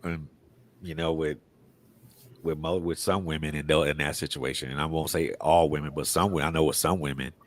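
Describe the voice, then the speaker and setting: A male host with a very low, deep voice affirms his guest in a measured way. He restarts phrases as he searches for his words. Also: steady tone. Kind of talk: interview talk show.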